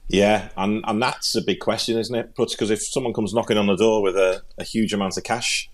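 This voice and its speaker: A man's voice: lowish voice, steady tone, a little fast. A man with a Liverpool accent, co-hosting a football podcast in casual, rambling chat, often repeating words as he thinks. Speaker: podcast co-host and pundit.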